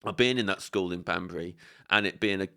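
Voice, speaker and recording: A man's voice: low voice, fast, bright, forceful tone, clear, resonant tone. A man, chatting on a podcast and telling rambling, self-deprecating stories about his childhood. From England. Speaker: podcast guest. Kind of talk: casual chat, storytelling.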